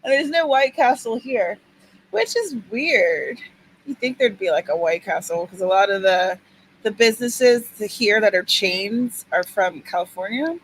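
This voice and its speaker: A woman's voice: mid-range voice, lively intonation, a little slow, a little hiss or hum, low-quality recording. A woman hosting a writing-sprint livestream in casual chat, upbeat and cheering viewers on by name.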